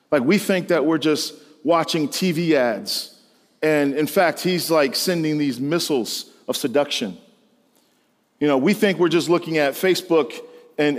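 A man's voice: on the high side, long reverb tail. A male pastor preaching a sermon to students in an emphatic, storytelling way. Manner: storytelling, emphatic, rising to exclamations.

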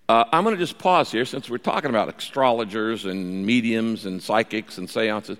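A man preaching a sermon as a pastor, telling the story in a lively way and acting out the quoted speech. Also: medium pitch, moderate pace, in a large hall.

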